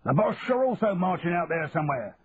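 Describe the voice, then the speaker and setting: Man doing shouting army sergeant major, high strained bark, stern, tinny narrow sound, faint hiss. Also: big pitch swings, brisk. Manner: shouted commands.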